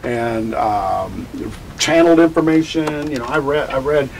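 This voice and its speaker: Older male interviewee, candid and halting, repeats himself as he recalls things. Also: mid-range voice, slight background noise, low-quality recording. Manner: halting, repeats words and restarts often. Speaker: grief educator, interviewee. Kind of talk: candid personal storytelling in an interview.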